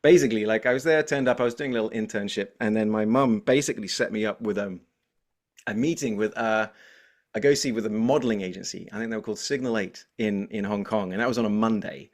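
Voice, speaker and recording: English guy in his forties, energetic talkative interview guest, animated storyteller. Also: on the low side, fast talker. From England. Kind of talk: casual interview chat.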